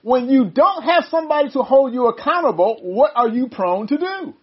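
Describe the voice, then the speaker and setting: High-voiced older man leading Bible study. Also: expressive, normal speed. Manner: chatty, self-interrupting, laughs often. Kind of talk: casual group Bible study. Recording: dull lo-fi sound.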